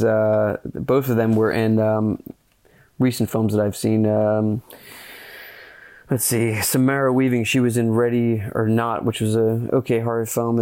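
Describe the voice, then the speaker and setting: A lowish-voiced man reviews a film on his podcast in relaxed solo talk. He rambles, leans on fillers, sounds earnest and excitable, and drops swear words casually.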